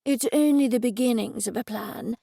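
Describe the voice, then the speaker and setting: A woman's voice: fairly high pitch, moderate pace, vocal fry, dark tone, no echo, clean studio sound. A woman reading the lines of a cheerful, scheming older man in an audiobook, in an upbeat, matter-of-fact way.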